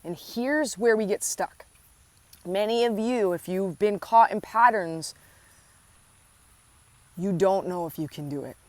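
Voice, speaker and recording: A woman's voice: medium pitch, a little slow, pauses often, dry recording. A woman giving an inspirational spiritual talk, speaking earnestly and affectionately to the listener and repeating phrases for emphasis. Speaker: spiritual coach.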